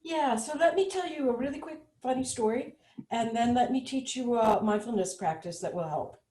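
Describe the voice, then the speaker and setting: A woman on an online panel who tells a short story and then gently leads a mindfulness practice. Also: a little high, moderate pace, echoey room, poor audio. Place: home room, video call.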